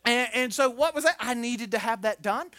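Bright-voiced joking pastor, a man. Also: very high voice, normal speed, dry recording. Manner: folksy and joking, acts out the people in his stories. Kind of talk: conversational sermon storytelling.

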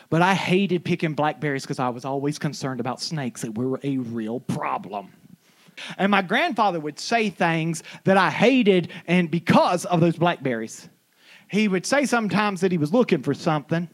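A middle-aged speaker, originally from Florida, spins homespun stories to an audience. The pitch leaps up and down as they act out other people's voices in animated storytelling. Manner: animated storyteller who acts out quoted voices. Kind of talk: anecdotal monologue.

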